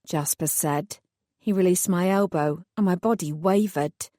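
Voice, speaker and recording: A woman narrating a romantic fantasy audiobook in the first person with even, measured storytelling. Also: fairly low pitch, no room sound, studio quality.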